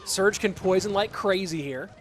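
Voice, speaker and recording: A man casting a live esports match, excitable and rambling, with chatty asides to the viewers. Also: sits high, moderate pace, soft background music. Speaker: esports caster and streamer. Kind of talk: live esports commentary with chat reading.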